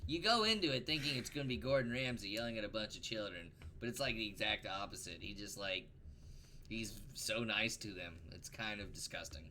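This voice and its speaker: A man's voice: lowish voice, a little fast, bright, forceful tone, a little hiss or hum. A young man co-hosting a livestreamed talk show, chatting casually and joking crudely, often laughing. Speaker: podcast co-host.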